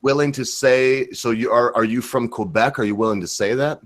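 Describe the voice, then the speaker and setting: A man's voice: mid-range voice, a little fast. A drunk man from Michigan hosting a casual livestream chat, crude and rambling. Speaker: livestream host.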